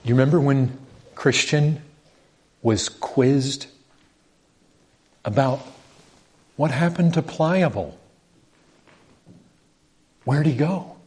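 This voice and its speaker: A man preaching a sermon, animated, asking the congregation rhetorical questions and stressing points with rising emphasis. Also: mid-range voice, very slow, long pauses, a little hiss or hum.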